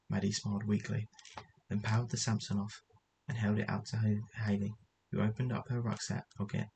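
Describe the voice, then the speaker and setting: A man's voice: lowish voice, flat delivery, a little fast, gravelly, darkish tone, a little hiss or hum, rough recording. A man reading a story aloud as narrator, often stumbling and correcting himself as he goes. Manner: reads with frequent stumbles and self-corrections.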